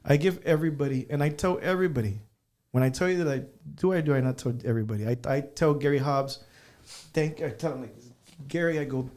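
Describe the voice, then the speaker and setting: A man's voice: a little high, fast talker, darkish tone. A man who is a musician guest on an interview show, telling casual anecdotes and dropping in Spanish phrases.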